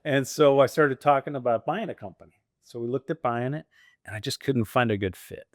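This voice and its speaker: A man's voice: medium pitch, fairly quick, no echo, clean studio sound. A man in his fifties from the United States, a guest telling his career story in a casual interview, acting out voices and laughing often. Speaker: franchise owner guest.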